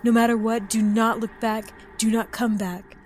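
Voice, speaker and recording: A woman's voice: fairly high pitch, unhurried, slight background noise, natural voice. A woman voicing Kelsa, a desperate village mother. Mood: urgent. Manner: urgent, fervent pleading. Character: desperate young village mother protecting her son. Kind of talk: audiobook fantasy reading.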